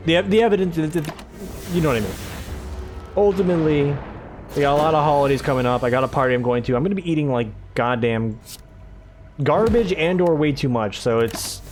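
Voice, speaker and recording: A man's voice: on the high side, a little fast, darkish tone, soft background music. A man casually commentating his own game playthrough, rambling, tripping over his words and swearing offhandedly. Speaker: let's play host.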